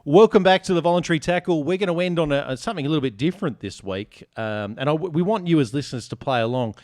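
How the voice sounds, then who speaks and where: A man's voice: medium pitch, animated, quick pace, darkish tone, no room sound. Australian man hosting a joking podcast. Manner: joking, teasing, reads listener reviews. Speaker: podcast host. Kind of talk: casual podcast banter.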